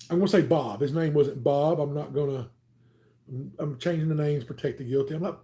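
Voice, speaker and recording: Southern man, 40s, livestream host; chatty, rambling storyteller, mellow tone. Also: fairly high pitch, normal speed. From Alabama, US. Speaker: channel host.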